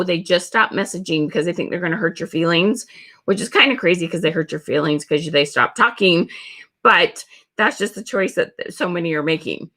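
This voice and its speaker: A woman's voice: on the low side, sharp tone. A woman coaching on social media sales in a webinar, stressing points by repeating words. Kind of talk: webinar teaching.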